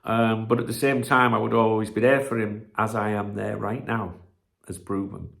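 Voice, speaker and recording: Blunt, rambling man with a gravelly, bright voice. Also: fairly low pitch, level tone, moderate pace. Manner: rambling, blunt, swears freely. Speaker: channel host. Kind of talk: casual live-stream chat.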